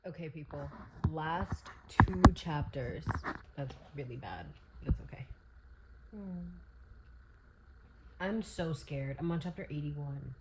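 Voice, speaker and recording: A young woman filming a reading vlog, reacting emotionally and with lots of swearing as she reads, moving between quiet asides and loud outbursts. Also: low voice, lively intonation, measured pace, very noisy. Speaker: book vlogger.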